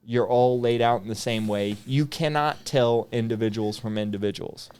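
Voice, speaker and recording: A man's voice: medium pitch, fairly even intonation, moderate pace, darkish tone, clean tone. A man in his twenties, a former Marine guest on a podcast, telling comedic stories and laughing often as he goes. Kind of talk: comedic storytelling.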